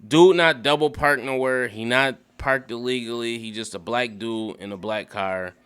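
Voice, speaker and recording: A young man casually rambling through a TV episode recap, profane and animated, breaking into quick acted quotes. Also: medium pitch, clean tone. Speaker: YouTube show recapper.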